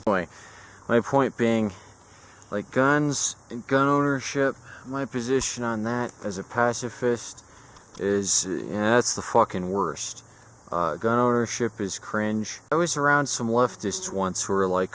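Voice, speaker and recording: A man's voice: on the low side, unhurried, fairly bright tone. A young man vlogging outdoors in a forest, talking into a camera in a rambling, sarcastic way and swearing freely. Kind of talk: casual vlog monologue. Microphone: camera mic.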